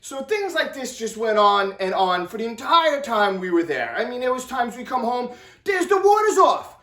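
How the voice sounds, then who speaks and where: A middle-aged man telling an animated vlog story, excitable and repeating himself as he acts out what people said. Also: very high voice, normal speed. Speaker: vlogger. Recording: echoey room, distant from mic.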